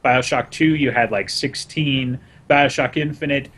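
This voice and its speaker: A man's voice: medium pitch, unhurried, fairly bright tone, breathy edge. A man on a gaming podcast, chatting casually with sarcastic, laughing remarks. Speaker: podcast co-host.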